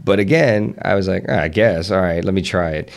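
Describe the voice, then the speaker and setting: A man's voice: deep voice, moderate pace, vocal fry. A man in his thirties from the Southern United States with a faint Southern accent, a podcast guest talking earnestly with frequent restarts. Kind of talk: casual conversation.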